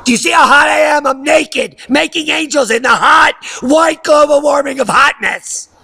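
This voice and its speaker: This is a shrieking, frantic caricature of a male climate alarmist, yelling far above a normal speaking voice, as a man puts him on. The voice is bright and cutting. The delivery is mocking and over the top. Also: extremely high pitch, normal speed, vocal fry, voice pushed up, exaggerated voice. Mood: frantic mockery.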